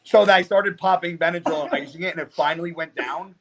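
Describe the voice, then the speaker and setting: A man telling a story on a podcast, animated and rambling, with lots of swearing. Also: on the high side, quick pace, background noise. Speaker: podcast guest. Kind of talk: casual storytelling.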